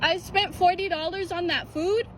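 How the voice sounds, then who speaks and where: High-voiced woman customer, firm. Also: fairly even intonation, moderate pace, slight background noise. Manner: firm, confronting.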